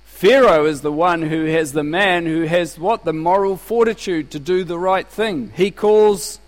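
A man's voice: fairly high pitch, normal speed. Man preaching in a reverberant hall. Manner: conversational preaching with rhetorical questions and anecdotes. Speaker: pastor. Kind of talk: sermon.

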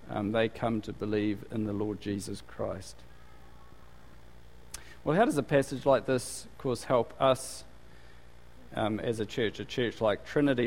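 A man's voice: mid-range voice, darkish tone. A male pastor giving a conversational sermon, full of fillers and restarts. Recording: long hall reverb.

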